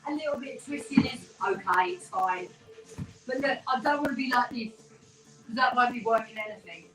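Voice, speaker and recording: High-voiced fitness coach, slightly breathless. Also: female voice, brisk, a bit bright. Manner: encouraging, chatty, counting reps. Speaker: fitness instructor. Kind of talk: live home workout coaching. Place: small room in a terraced house. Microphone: no microphone, camera mic from across the room. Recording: roomy, distant, with workout music. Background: faint workout music.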